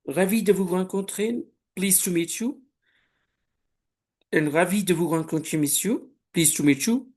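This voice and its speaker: A man from Pakistan teaching a beginner French lesson, speaking patiently and deliberately, giving French phrases and their English meanings for the listener to repeat. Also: fairly high pitch. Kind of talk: slow language lesson with repetition drills.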